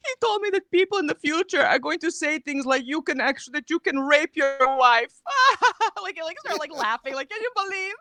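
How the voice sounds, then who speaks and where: A man's voice: very high voice, expressive, normal speed, pushed and bright, no echo, voice pushed up, exaggerated voice. A man putting on the voice of a boastful ancient Arabian man in a mocking comedy bit. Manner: silly sing-song voice, giggly.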